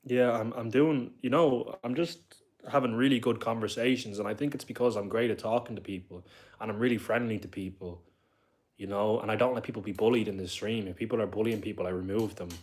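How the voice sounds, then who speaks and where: Young dublin lad rambling on his live stream, lowish voice, chatting away to viewers. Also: steady tone, brisk, darkish tone. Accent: Dublin Irish. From Ireland. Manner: rambling, talkative, reads viewer comments aloud. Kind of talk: casual live-stream chat.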